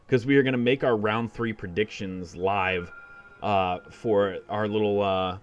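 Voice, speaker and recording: A man's voice: on the low side, fairly even intonation, a little slow. A man making a casual, laid-back announcement to viewers of a live gaming stream. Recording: dull lo-fi stream audio with faint music.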